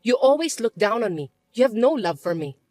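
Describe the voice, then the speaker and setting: A hardworking young adult daughter, voiced by a woman, answers plainly and defensively. Her voice is a touch high. The sound is dry and close, without room echo. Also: sing-song, a little fast, darkish tone.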